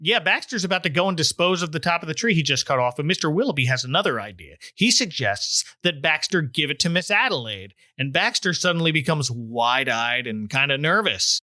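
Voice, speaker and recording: A podcast host retelling a story scene by scene, dropping wry jokes along the way. The voice is bright and forward. It is recorded close and dry, with no room echo. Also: mid-range voice, animated, brisk, few pauses. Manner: wry, joking asides. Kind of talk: recap chat, retelling the plot.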